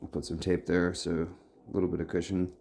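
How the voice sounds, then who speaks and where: A man's voice: sits low, flat delivery, a little fast, vocal fry, a little mellow, slight background noise. A man vlogging casually from his home workshop, rambling and muttering to himself as he sorts and labels things. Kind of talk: casual talk to camera.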